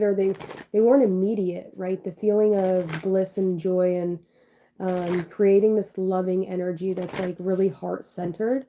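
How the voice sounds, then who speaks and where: A woman's voice: mid-range voice, warm tone, slight background noise. A young woman doing a casual tarot reading livestream, rambling, full of fillers and swearing offhandedly. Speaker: tarot reader. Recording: dull lo-fi sound.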